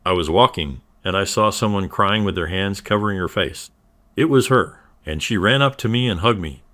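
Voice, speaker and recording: A man narrating a first-person story in a steady, even reading style. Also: deep voice, moderate pace.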